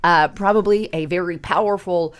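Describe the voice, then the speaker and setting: A woman with a fairly low-pitched voice hosts a casual political commentary show. She talks emphatically, piling up repeated words and pushing her voice up when she stresses something. She sounds middle-aged. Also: normal speed, clear, resonant tone.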